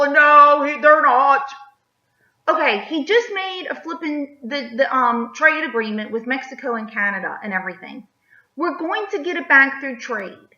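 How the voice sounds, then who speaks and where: A woman's voice: sits high, lively intonation, measured pace, long pauses, sharp tone. A woman vlogger delivering an emphatic opinion rant, firing rhetorical questions and tagging lines with "okay?". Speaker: political vlogger. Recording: echoey, slightly dull.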